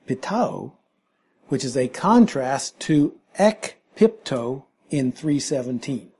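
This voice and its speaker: A man's voice: medium pitch, mellow, husky. A man preaching an expository sermon, emphatic as he explains scripture word by word.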